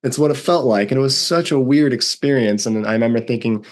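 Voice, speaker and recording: A man's voice: mid-range voice, normal speed, few pauses. A young man, a podcast guest, vividly retelling a personal story and acting out what others said. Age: young adult. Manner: vivid, animated retelling with acted-out quotes. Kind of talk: storytelling in a conversation.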